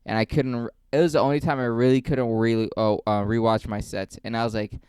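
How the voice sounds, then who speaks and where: Rambling, profane young comedian. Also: male voice, medium pitch, level tone, a little fast, darkish tone, clear, resonant tone, no room sound. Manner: rambling, profane, self-mocking. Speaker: stand-up comedian. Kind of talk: casual vlog monologue.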